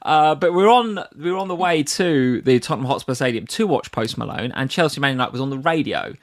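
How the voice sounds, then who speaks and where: Fast-talking man on a stream. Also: a little high, animated. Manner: chatty, reads viewer comments aloud. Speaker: co-host. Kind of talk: casual chat.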